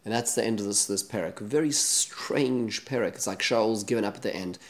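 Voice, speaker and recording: A man's voice: fairly low pitch, normal speed. A man teaching a Torah study lesson, retelling a Bible story in a conversational way with Hebrew terms and frequent restarts.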